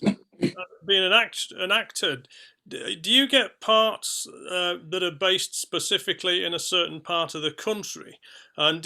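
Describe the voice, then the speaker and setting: A man's voice: high voice, pushed and bright. A man questions a guest on a video call, rambling and stopping to search for words. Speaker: association member asking a question.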